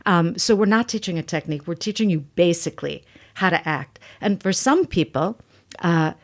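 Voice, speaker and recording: An emphatic woman coach who talks bluntly and with animation. She answers a podcast host in a lively, candid interview, pressing her points hard. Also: lowish voice, normal speed. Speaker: acting coach, guest.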